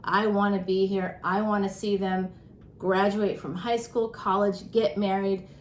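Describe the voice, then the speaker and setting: A woman's voice: little pitch movement, measured pace. Breathless chatty woman in a roomy space. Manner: chatty, self-mocking, with frequent laughs. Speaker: tarot reader and astrologer. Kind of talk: casual chatty monologue. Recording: roomy echo with faint rumble.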